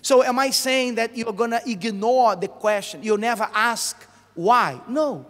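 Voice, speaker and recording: A man's voice: very high-pitched, unhurried, a bit bright. A man preaching a sermon as a bishop in a large theatre, emphatic, asking rhetorical questions and calling for "Amen?". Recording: long hall reverb in a theatre.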